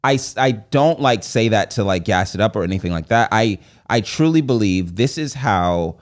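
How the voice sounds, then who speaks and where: A man's voice: on the low side, expressive, moderate pace. A man co-hosting a comedy podcast, talking casually and animatedly about a film, laughing often and swearing freely. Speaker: podcast co-host.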